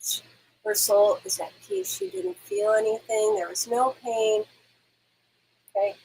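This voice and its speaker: A woman working as a medium, giving gentle, reassuring readings on a live stream. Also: fairly high pitch, big pitch swings, unhurried, creaky, a little hiss or hum, low-quality recording.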